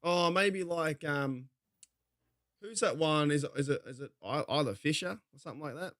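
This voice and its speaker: A man with an Australian accent co-hosting a podcast, talking casually and trailing off into quieter asides. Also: fairly high pitch, moderate pace, no echo, studio quality. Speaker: podcast co-host. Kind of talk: casual chat.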